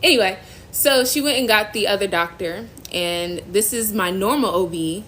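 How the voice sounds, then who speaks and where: Young woman, emotional and near tears, halting earnest testimony, phone live stream, faint hiss behind. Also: medium pitch, fairly bright tone, low-quality recording. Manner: halting, earnest, trailing off and restarting. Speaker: host of a faith-based live stream.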